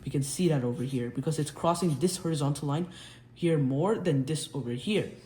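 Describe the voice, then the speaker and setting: A young man's slightly mellow voice, on the high side and brisk, carries a relaxed physics tutorial as he draws on a whiteboard. He often restarts sentences and corrects himself. The space sounds roomy, with faint noise underneath.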